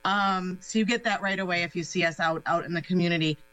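Bright-voiced woman guest, upbeat. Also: on the low side, quick pace, poor audio. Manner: upbeat, many "um" fillers. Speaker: guest, nonprofit special projects director. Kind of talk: casual radio interview.

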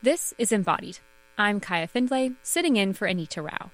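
A woman hosting a public radio talk show, reading a calm, measured introduction. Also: mid-range voice.

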